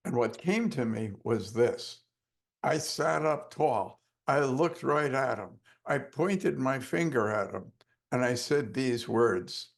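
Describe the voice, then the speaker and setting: A man who teaches hypnosis tells a story in a course lesson, in a casual, profane and animated way. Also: medium pitch, takes it slowly, creaky. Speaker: hypnosis instructor.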